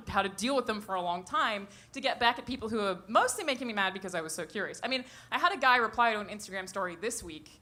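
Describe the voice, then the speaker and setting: A woman's voice: medium pitch, pushed and bright. A woman doing a stand-up comedy set on stage into a handheld mic, brash and profane, laughing at her own jokes. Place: comedy stage before a live audience.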